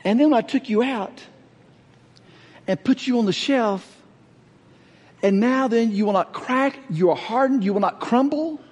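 A man voicing a patient, firm potter who speaks slowly and calmly. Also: very high-pitched, breathy edge, heavily acted. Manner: slow, calm, reassuring. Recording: echoey hall reverb.

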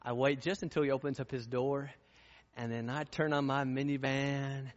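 A man's voice: medium pitch, little pitch movement, moderate pace, in a large hall, dull audio. A man preaching a sermon, storytelling and then pressing his points with fervent, rising intensity. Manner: impassioned, rising to fervent peaks.

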